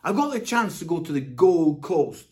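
A man with a Scottish accent giving a Father's Day sermon, telling stories in an animated way before turning soft and earnest. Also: on the high side, moderate pace. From Scotland. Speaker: pastor.

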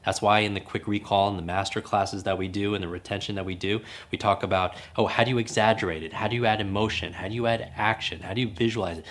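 Brief: deep-voiced male coach, upbeat podcast teaching, punchy repeated phrases. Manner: energetic, repeats key phrases for emphasis.

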